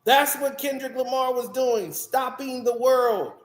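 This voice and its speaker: A man with a high voice, talking slowly in casual, opinionated commentary. He laughs often and throws in mocking asides. His voice rings in a roomy, echoey space. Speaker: music reviewer vlogger.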